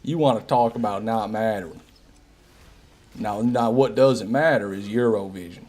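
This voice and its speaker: A man's voice: on the low side, normal speed, darkish tone. A man streaming a game live, teasing and bantering with his chat. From United States. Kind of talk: live gameplay commentary.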